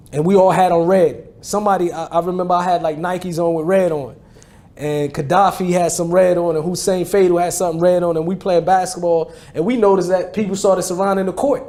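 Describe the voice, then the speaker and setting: A man's voice: high-pitched, mellow. A man in his forties from New Jersey with a New Jersey accent tells his life story in casual street slang, often repeating and restarting phrases. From New Jersey, USA. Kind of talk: conversational testimony.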